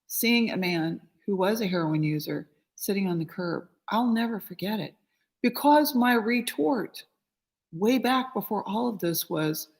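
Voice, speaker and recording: A middle-aged woman healer recounts a personal story with raw emotion. Her voice sits at a mid pitch, and she talks loosely with many fillers. When she quotes others she jumps up in pitch and volume, acting the voices out. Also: expressive, normal speed, gravelly. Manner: conversational, frequent 'you know' fillers. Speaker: spiritual healer.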